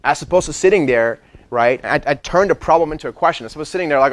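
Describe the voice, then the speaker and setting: A man giving an energetic training talk to a sales team, who keeps checking in with "right?" and acts out what clients say. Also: fairly high pitch, quick pace.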